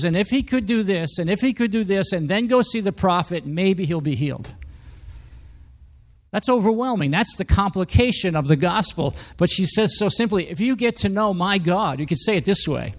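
A man preaching a sermon in a conversational, emphatic way, reading scripture and acting out quoted speech. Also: high-pitched.

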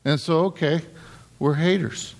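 Gravelly-voiced man preaching a casual sermon. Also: a little high, fairly even intonation, unhurried. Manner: conversational, asks the congregation "right?" often. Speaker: pastor.

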